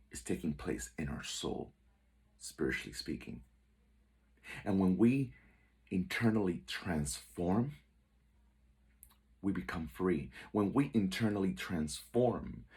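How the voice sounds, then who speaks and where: A man speaking as a spiritual teacher, delivering an inspirational message in slow, measured, repeated affirmations. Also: sits low, a little mellow, slightly rough.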